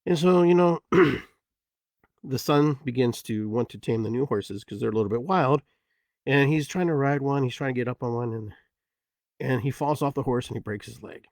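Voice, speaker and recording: A man's voice: medium pitch, a little fast, a little mellow, no echo. Brief: middle-aged male podcast host, rambling reflective storyteller, dry untreated sound. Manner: rambling, many "you know" fillers.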